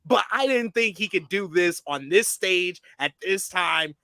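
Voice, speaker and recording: A man co-hosting a wrestling review podcast, talking casually and getting animated when excited. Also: sits high, a little slow, gravelly, no room sound.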